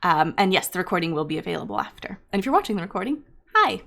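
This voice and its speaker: Speaking very fast in a sing-song, creaky, mid-range voice with a fairly bright tone, a woman runs a live online data science class. Her unscripted teaching is addressed directly to the people in chat and is full of ums and false starts.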